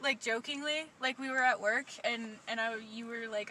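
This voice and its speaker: Twenty-year-old woman, bright and frank. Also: fairly high pitch, moderate pace, recorded from a distance, a little hiss or hum, rough recording. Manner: frank, swears, laughs easily. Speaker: podcast guest. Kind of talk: casual podcast chat.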